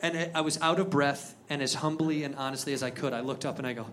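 A man performing an animated, profane stand-up comedy set on a club stage. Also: fairly high pitch, fast talker. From United States. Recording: live club with crowd laughter.

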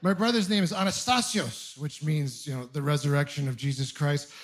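Young male stand-up comic from Ontario, high-pitched and animated, on a club stage mic. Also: brisk. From Ontario, Canada. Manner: animated storytelling, playful and self-mocking. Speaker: stand-up comedian. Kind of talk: stand-up comedy set. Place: comedy club stage with laughing audience.

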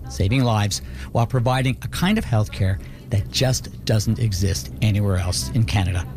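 A man hosting a radio program, calmly narrating a scripted introduction. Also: on the low side, moderate pace, background noise. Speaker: radio host.

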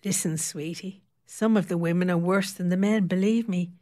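A woman's voice: on the low side, fairly even intonation, normal speed, mellow, natural voice. A woman voicing a worldly, confiding woman client. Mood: grimly knowing. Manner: confiding, grimly knowing.

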